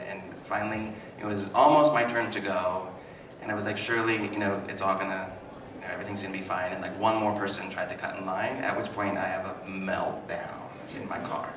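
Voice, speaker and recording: Lecturing man in an echoey hall. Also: lowish voice. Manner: animated storytelling, self-mocking humor. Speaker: psychotherapist giving a talk. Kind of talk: live lecture to an audience. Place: hall with an audience. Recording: echoey hall, mic at a distance, noisy.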